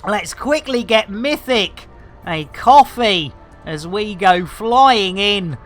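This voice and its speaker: A woman live-streaming a space game, chatting to viewers in a jokey, excitable way with plenty of fillers and exclamations. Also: mid-range voice, takes it slowly, soft background music. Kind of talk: casual live-stream chat while playing.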